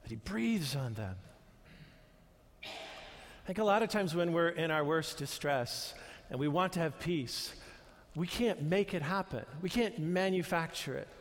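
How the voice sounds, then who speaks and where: Older male pastor, earnest and chatty in the pulpit, higher-pitched, recorded with a long reverb in a church hall. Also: lively intonation, unhurried. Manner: conversational, earnest, with restarts and asides. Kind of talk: sermon.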